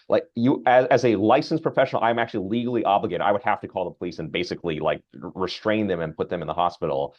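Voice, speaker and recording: Conversational low-voiced male physician lecturer. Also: fast, few pauses, dull audio. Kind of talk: grand rounds lecture.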